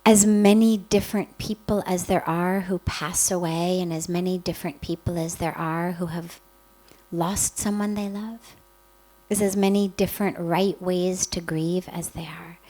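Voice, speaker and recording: A woman spiritual teacher giving a calm, reflective spiritual talk, speaking gently with many pauses. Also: lowish voice, low-quality recording.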